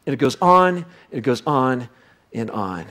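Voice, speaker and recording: A pastor delivers his sermon unhurriedly, recounting a lively story. Sudden loud bursts give way to a soft, low voice as he makes reflective points.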